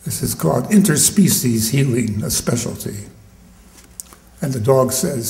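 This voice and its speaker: A man reading at a poetry venue, chatting between poems in a wry, conversational way and pausing to restart a word now and then. He speaks slowly and deliberately, and the room gives his voice a noticeable echo. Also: medium pitch, animated, vocal fry, darkish tone. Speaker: poet reading his work. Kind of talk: live poetry reading with asides. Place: poetry venue, live audience.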